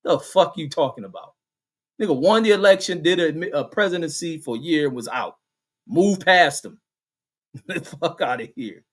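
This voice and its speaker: On his live stream, a middle-aged man reads chat messages aloud and fires back with combative rage, heavy cursing, and street slang. He sounds a little high-pitched and animated, talking at normal speed.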